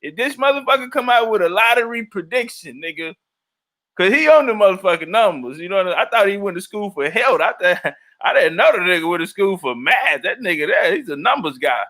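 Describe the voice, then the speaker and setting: Male livestream host, profane rambler, reads the chat aloud, high and bright. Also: expressive, brisk.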